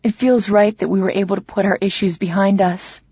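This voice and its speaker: A woman narrating a first-person romance audiobook in a measured, reflective way. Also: mid-range voice, fairly even intonation, dark tone, slightly rough, no echo, dull audio.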